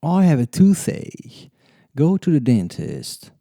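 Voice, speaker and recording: A man reading English lesson phrases and example sentences in a slow, deliberate drill style. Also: fairly high pitch, wildly swooping pitch, gravelly, warm tone, no echo, studio quality. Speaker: English teacher.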